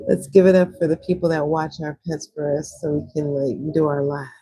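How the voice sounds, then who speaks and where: A young woman hosting a livestream, chatting casually while swatching watercolors and answering viewers' comments, with animated jumps into high excitement. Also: brisk, breathy edge, rough recording. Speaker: livestream host.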